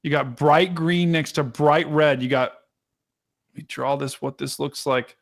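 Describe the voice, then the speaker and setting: A man hosting a live storm-tracking stream, chatting casually to his viewers and explaining radar, excitable and talkative. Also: a little high, a little slow, gravelly. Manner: excitable, chatty, talks to chat directly. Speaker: livestream weather host.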